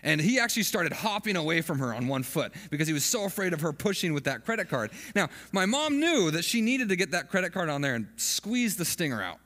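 A man's voice: fairly high pitch, very animated, brisk, few pauses, fairly bright tone, long reverb tail. A man giving an earnest, conversational sermon as a pastor, often restarting his phrases.

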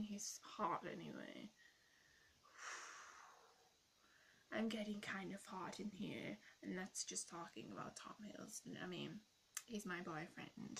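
A woman's voice: medium pitch, creaky, slight background noise. A woman playing a snarky, rude young woman character, ranting sarcastically in a comic role-play vlog. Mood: dreamy gushing. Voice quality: blunt, sarcastic, swears freely.

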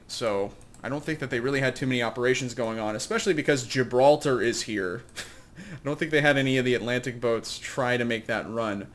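A man's voice: medium pitch, fairly bright tone. A man giving casual, rambling commentary on his own gameplay, self-deprecating and chuckling at his own plans. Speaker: let's play host.

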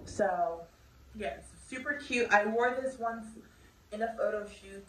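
A young fashion vlogger chats through a clothing try-on haul in a room at home, bubbly and packed with filler words. Her mid-range voice is unhurried, with a little hiss or hum. The mic is distant, so the room audio sounds echoey.

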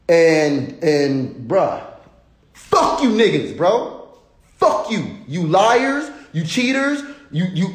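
A man's voice: sits high, roomy sound. A young man in a passionate, swearing monologue, preaching at his viewers and calling them bro. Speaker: online personality.

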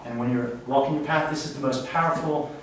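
Male speaker, mid-pitched, earnest and reflective, live talk; roomy echo, far-off mic, light hiss. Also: fairly even intonation, fairly quick, a bit bright. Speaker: spiritual workshop speaker. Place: event room. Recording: echoey room, distant mic, faint hiss.

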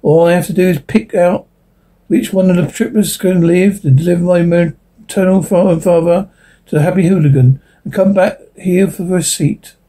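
A man voicing a grim, bitter expectant father who speaks flatly. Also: sits high, fairly quick, natural voice, low-quality recording. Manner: flat, bitter.

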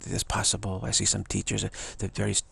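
A man's voice: fairly low pitch, completely flat delivery, quick pace, creaky, pushed and bright, breathy edge, dry recording. A man giving a rambling, emphatic spiritual talk as a teacher, often repeating himself.

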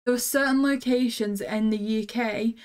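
A woman's voice: on the high side, steady tone, normal speed, smooth. A woman from the UK co-hosting a casual review podcast, chatty and teasing, going off on tangents. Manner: chatty, teasing, tangent-prone, many "like" fillers. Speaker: co-host.

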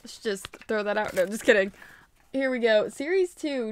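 A young woman chatting casually while unboxing toys, gushing and gasping with excitement. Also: fairly high pitch, moderate pace, slight background noise. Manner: gushing, excitable, frequent gasps. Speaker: toy vlogger.

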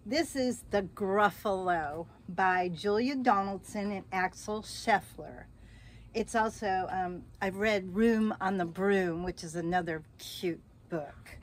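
A woman teacher reading a picture book aloud to children, cheerful and expressive. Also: mid-range voice, takes it slowly, a little hiss or hum.

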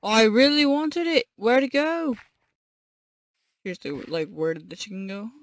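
A woman's voice: fairly high pitch, big pitch swings, unhurried, no room sound. A woman casually commenting on her own gameplay, muttering to herself in a playful, silly way. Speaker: gaming channel host.

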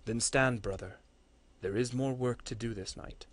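A man voicing a grave, imposing male warrior lord in a story reading, speaking low, solemn and measured. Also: natural voice.

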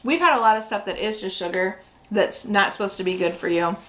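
A woman's voice: mid-range voice, lively intonation, brisk, a bit bright, poor audio. A woman hosting a casual snack review, chatty and full of fillers as she thinks aloud. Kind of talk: casual food review chat.

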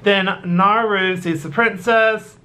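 Bright-voiced casual episode recapper. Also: medium pitch, steady tone. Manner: halting, with frequent fillers. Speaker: anime episode reviewer. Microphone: battery-powered recording device.

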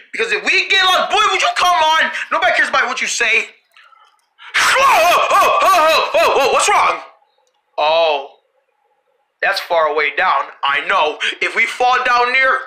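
A cartoon creator voicing every character in a family road-trip cartoon, with frequent shouting and screams. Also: mid-range voice. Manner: shouting and screaming often, animated. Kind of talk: one-person cartoon dialogue.

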